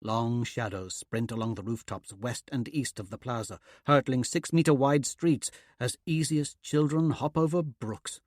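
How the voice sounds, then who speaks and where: A man narrates a fantasy audiobook in a steady, measured delivery. His voice sits in a middle pitch. The recording is dry and close, with no room sound. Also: no echo. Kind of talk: scripted narration.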